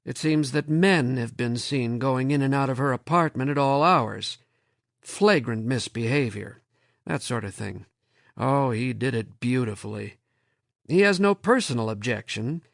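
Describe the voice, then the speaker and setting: A man's voice: medium pitch, expressive, measured pace, vocal fry, dry recording, clean studio sound. A man voicing an anguished department head. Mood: wry. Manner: pleading, rising urgency. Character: anguished middle-aged male department head.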